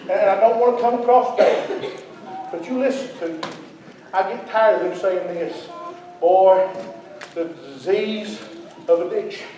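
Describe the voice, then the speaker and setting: Brief: high-pitched male preacher, fiery folksy sermon, heard from far off in a big echoing hall. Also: normal speed. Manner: shouting and drawling in turns, folksy. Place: church sanctuary with congregation. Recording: distant echoey hall, dull sound. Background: congregation responses.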